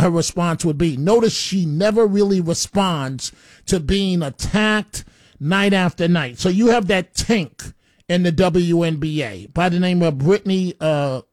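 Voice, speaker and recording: A talk radio host, a man with a fairly high voice, holds forth in a blunt, rambling monologue and trips over repeated words. The sound is very dry and close, with no room around him. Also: a little slow, no echo. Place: radio studio.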